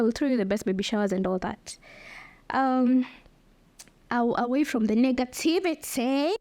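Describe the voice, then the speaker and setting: A young woman talks openly on her solo podcast, expressive and laughing often as she speaks to her listeners. Her voice sits a little high. The sound is dry and close, with no room echo. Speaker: podcast host. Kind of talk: candid solo podcast talk.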